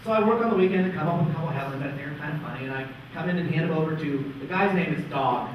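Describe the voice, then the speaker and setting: A man co-presenting a conference talk, telling an anecdote in an animated, self-interrupting way. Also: on the high side, rapid-fire, a little hiss or hum. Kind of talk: storytelling on stage. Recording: echoey hall, far-off dull mic.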